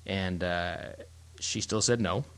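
A middle-aged man with a lowish voice, chatting as a co-host. He rambles through his stories, stumbling and restarting, and his telling is animated throughout. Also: takes it slowly, clear, resonant tone. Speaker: podcast co-host. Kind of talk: casual chat.

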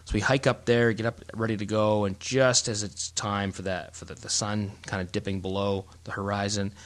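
A middle-aged man with a lowish voice, chatting as a co-host. He rambles through his stories, stumbling and restarting, and his telling is animated throughout. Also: moderate pace. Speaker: podcast co-host. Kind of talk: casual chat.

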